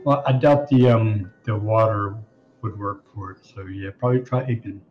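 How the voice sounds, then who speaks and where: Man, tabletop player, planning aloud, mellow voice, dull lo-fi sound. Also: lowish voice, fairly even intonation, normal speed, faint music behind. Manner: thinks out loud, planning tactics. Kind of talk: casual tabletop game chat.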